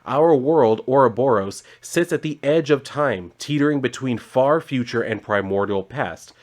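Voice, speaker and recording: A man reading the lines of a grave male alien guide from a comic, slow and drawn out. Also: mid-range voice, darkish tone, close to an everyday voice. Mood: solemn. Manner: slow, drawn-out solemn delivery. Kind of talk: reading comic dialogue aloud.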